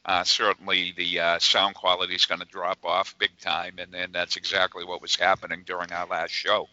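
A man co-hosting a casual podcast, explaining haltingly with many fillers. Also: low-pitched, completely flat delivery, pushed and bright, dry recording. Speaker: podcast co-host. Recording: dry, dull lo-fi sound.

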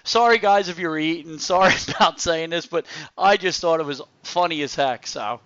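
High, bright-voiced chatty podcast host man. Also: normal speed, clean tone, no room sound. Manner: animated storyteller, laughs often. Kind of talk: casual podcast chat. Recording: dry, dull lo-fi sound.

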